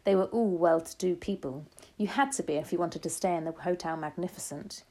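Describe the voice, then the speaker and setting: A woman reading a children's novel aloud in a steady, gentle storytelling manner. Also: on the low side, fairly quick. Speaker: reader.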